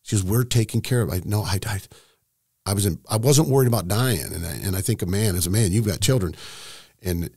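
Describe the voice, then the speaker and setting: Middle-aged man, deep and gravelly, halting emotional storyteller, dry sound. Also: warm tone, no echo. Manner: emotional, halting, many restarts. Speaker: estate planning seminar host, guest. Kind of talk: candid storytelling in conversation.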